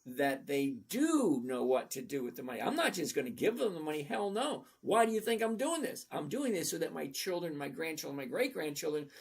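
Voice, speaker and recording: A man's voice: fairly high pitch, very animated, a little fast, vocal fry, hardly any pauses, slightly rough. A man in his sixties hosting a trading livestream, talking bluntly and rambling as he reads out viewers' comments. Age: 60s. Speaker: trading channel host. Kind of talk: casual livestream talk.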